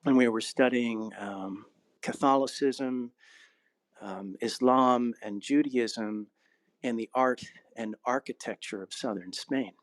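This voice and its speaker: A man who is an actor, narrator and acting coach, talking reflectively in an interview and telling stories with a laugh, slowing down on key phrases. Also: medium pitch, dry recording. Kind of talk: casual interview conversation.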